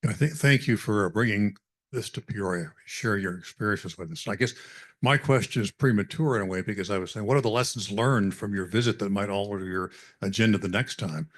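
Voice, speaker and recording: A man in the audience asking a panel a polite, measured question. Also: on the low side.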